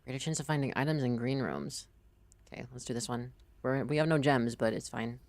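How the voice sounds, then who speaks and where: A woman streamer giving live commentary as she plays a game, reacting out loud, swearing and reading in-game text aloud. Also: very deep voice, expressive, brisk, dry recording.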